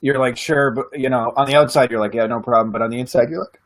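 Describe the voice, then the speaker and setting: A man's voice: medium pitch, fairly even intonation, quick pace, no echo. A man hosting a casual business interview, chatty and joking, coaching the guest along.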